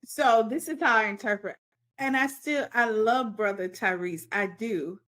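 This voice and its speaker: A middle-aged woman co-hosting a podcast in casual chat, opinionated and quick to joke and laugh. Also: on the high side, a bit bright. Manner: joking and opinionated, laughs often. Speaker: podcast co-host.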